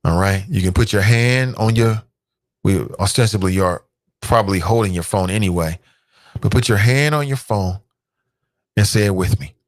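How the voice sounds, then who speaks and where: A man's voice: moderate pace, no echo, clean studio sound. A man hosting a talk show, delivering an emphatic, preachy monologue straight to his listeners. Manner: loose and streetwise, with swings in pitch.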